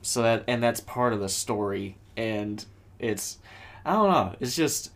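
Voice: mid-range voice, expressive, unhurried. A co-host in a casual movie review chat, rambling with lots of fillers. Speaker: podcast co-host.

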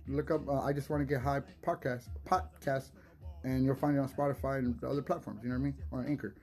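A young man rambles through his podcast in a loose, unpolished way, swearing freely and chuckling between thoughts. His voice sits at an ordinary middle pitch, and faint music plays softly behind him. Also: steady tone, fast talker. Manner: rambling, swears a lot, laughs often, restarts words. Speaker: podcast host. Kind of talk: casual solo podcast chat.

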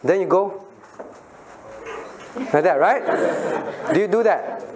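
High-voiced pastor teaching children. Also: male voice, lively intonation, slow pace, noisy background. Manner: playful, asks the children questions. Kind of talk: children's Bible lesson. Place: church room with children.

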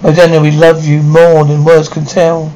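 A woman's voice: low-pitched, completely flat delivery, moderate pace, close to an everyday voice, poor audio. An actress playing a doting, anxious mother. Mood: pleading. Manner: gentle, pleading tone. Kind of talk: 1950s TV drama acting.

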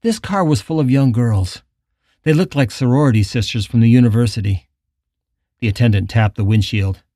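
A man narrating an audiobook in an even, measured way. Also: medium pitch, no room sound, studio quality.

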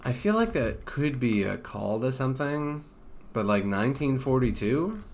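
A man's voice: mid-range voice, moderate pace. Laid-back man giving dry asides. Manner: relaxed, adds dry asides and looks up details. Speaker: podcast co-host. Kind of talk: casual chat recapping a cartoon episode.

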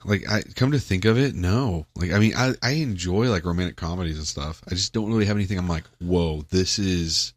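A man's voice: deep voice, fairly quick, few pauses, no echo. A young man co-hosting a casual podcast, joking around and laughing often. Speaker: podcast co-host. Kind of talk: casual chat. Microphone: studio headset mic.

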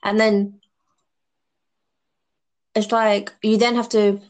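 A woman's voice: medium pitch, flat delivery, slow pace, a little mellow. A woman chatting casually as a podcast guest, eating snacks while she talks. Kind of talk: casual chat.

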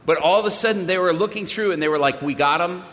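A man's voice: high-pitched, fast, big-room sound. A man telling a dramatic story of his own to an audience, acting out the voices of the people in it. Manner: acts out the dialogue he quotes, with sudden shouts.

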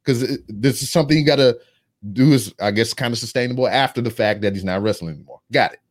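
A man's voice: mid-range voice, quick pace. A man in his thirties, a podcast co-host, telling a long, profane story in casual chat.

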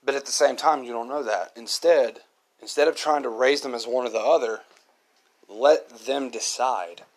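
Man, podcast host, earnest solo monologue, mid-pitched voice, reflective. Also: moderate pace. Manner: earnest, reflective, repeats himself.

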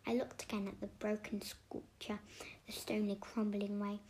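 A woman reading a children's story aloud in a whispered role-play, slow and hushed. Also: mid-range voice, flat delivery, slight background noise.

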